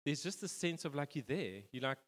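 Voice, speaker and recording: Pastor preaching in a reverberant hall. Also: male voice, on the high side, lively intonation, brisk. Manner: rambling, informal, many fillers and restarts. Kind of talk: conversational sermon. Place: church hall.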